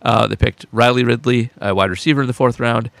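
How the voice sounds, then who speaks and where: A man's voice: medium pitch, fairly even intonation, fairly quick, vocal fry, a bit bright, no echo. A man co-hosting a sports podcast, talking casually, laughing often and gleefully boasting about his predictions. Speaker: podcast co-host, football writer.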